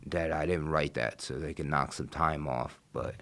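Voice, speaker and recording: Deep-voiced blunt profane man. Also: fairly even intonation, moderate pace, vocal fry, fairly bright tone. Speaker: interview guest. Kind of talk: casual storytelling interview.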